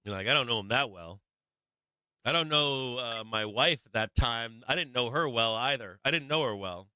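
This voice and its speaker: A man with a very bright, smooth and crisp voice, telling a story on a live stream. He rambles, repeats himself and swears freely. The sound is dry and close. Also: mid-range voice, expressive, normal speed, no room sound, low-quality recording. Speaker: host of a live stock market show.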